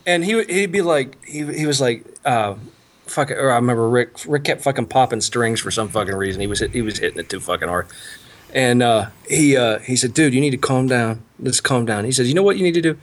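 A man's voice: medium pitch, animated, a little fast. A man telling rambling, profanity-heavy studio stories in casual podcast chat, acting out the quotes. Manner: rambling storyteller, swears a lot, acts out quotes.

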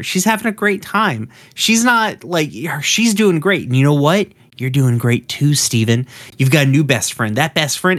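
A crude, cocky teenage boy from a cartoon recap, put on by a man. The voice is lifted above his usual pitch and talks down to everyone, swearing freely. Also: fairly bright tone. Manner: profane, pushy, higher put-on voice.

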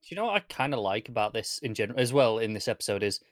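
A man's voice: on the low side, expressive, very fast, no echo, clean studio sound. A man co-hosting a podcast, chiming in with short remarks and comments. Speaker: podcast co-host. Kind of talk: casual chat.

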